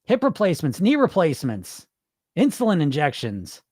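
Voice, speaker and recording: A man hosting a weight loss live stream speaks briskly in a fairly high voice, captured in a dry, studio-quality recording. He reads out viewer comments, replies with blunt, animated answers peppered with swearing, and mimics the inner voices of dieters.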